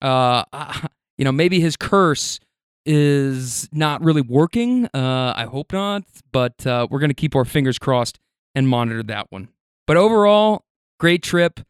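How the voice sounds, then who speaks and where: Chatty, smooth-voiced man telling a story. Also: medium pitch, lively intonation, unhurried, no echo, studio quality. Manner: rambling, with many restarts and chuckles. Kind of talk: casual anecdotal storytelling.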